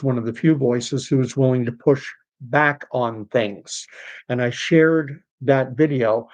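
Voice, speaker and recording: A man's voice: mid-range voice, darkish tone. A Canadian man hosting an unscripted livestream, talking things through in a conversational way with fillers and restarts. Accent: Canadian English. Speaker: podcast host.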